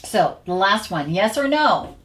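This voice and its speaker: A woman's voice: mid-range voice, sing-song, unhurried, noisy background. A woman who coaches smokers, talking to camera in a casual, chatty way with lots of filler words. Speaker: stop-smoking coach. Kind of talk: casual teaching video.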